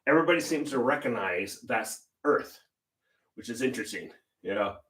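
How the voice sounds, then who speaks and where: A man's voice: medium pitch, animated, normal speed, fairly bright tone, far from the mic. Chatty older man, roomy sound. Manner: chatty storyteller, laughs often. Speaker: painting livestream host. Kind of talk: casual chat while painting. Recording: roomy echo.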